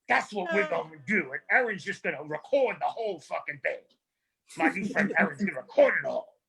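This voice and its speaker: Husky, animated stand-up comedian man. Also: high-pitched, brisk. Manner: loud, rambling, profane, acts out voices. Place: small comedy venue.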